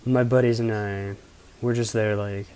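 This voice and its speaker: A man's voice: fairly low pitch, fairly even intonation, a little slow, dark tone, clean tone. A young man from Pennsylvania casually telling rambling, profane stories as a vlogger. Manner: rambling, profane, laid-back anecdotes. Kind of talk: casual storytelling.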